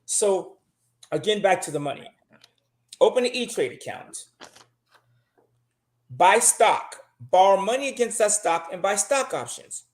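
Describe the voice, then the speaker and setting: A man's voice: high-pitched, animated, measured pace, long pauses, reverberant. A man talking casually and bluntly as a show guest, swearing often and pressing his money advice with emphasis.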